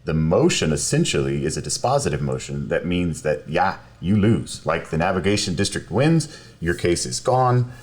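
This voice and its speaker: A man, a lawyer, telling a story in a casual podcast interview, animated and quick to laugh while acting out quotes. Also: low-pitched. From South Texas. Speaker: personal injury lawyer, podcast guest. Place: podcast studio.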